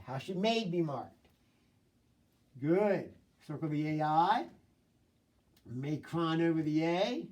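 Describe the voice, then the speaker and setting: A fairly high-voiced man leads a recorded phonics lesson. He prompts young learners, praises their answers and sounds out words slowly. His voice sits a little back from the mic. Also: dark tone, recorded from a distance. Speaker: phonics teacher.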